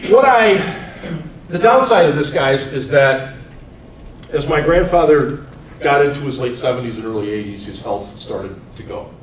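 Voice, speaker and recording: A teacher in his forties telling personal stories to students in an animated way, swinging from loud to soft. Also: mid-range voice, moderate pace. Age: 40s. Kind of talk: storytelling talk to students. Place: school hall. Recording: echoey room, mic far off, faint noise.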